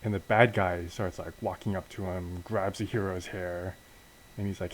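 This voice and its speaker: A young man with a fairly low voice narrates a wrestling game story in a relaxed, offhand way. He hesitates often and restarts his sentences. He also pokes fun at his own choices. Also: moderate pace, slight background noise, poor audio. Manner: hesitant, self-deprecating, many restarts. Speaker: channel host narrating a wrestling sim.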